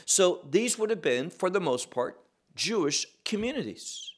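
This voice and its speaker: Slow, emphatic male Bible teacher. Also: high-pitched, big pitch swings. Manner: emphatic, repeats key words, asks and answers his own questions.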